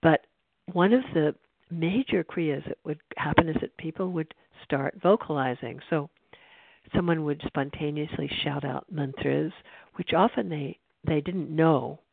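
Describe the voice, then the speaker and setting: A meditation teacher giving a spiritual talk in an unhurried, reflective way, with frequent restarts, over a tinny phone-like line. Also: medium pitch, no echo. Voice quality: creaky.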